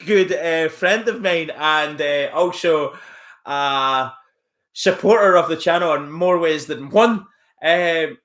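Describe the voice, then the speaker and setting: A man's voice: a little high, takes it slowly, a bit bright. A man live-streaming from home, rambling casually as he reacts to chat messages and mocks a troll. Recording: roomy echo.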